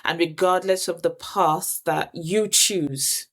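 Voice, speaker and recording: A woman's voice: fairly low pitch, slow pace, fairly bright tone. Earnest woman hosting a faith talk. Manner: earnest, searching, many restarts. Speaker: host. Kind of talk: faith-based conversation.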